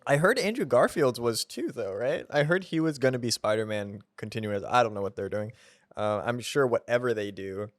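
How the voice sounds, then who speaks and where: A man's voice: medium pitch, expressive, brisk, no room sound, studio quality. A young man co-hosting a casual podcast, laid-back and teasing in a joking back-and-forth. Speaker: podcast co-host. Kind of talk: casual chat.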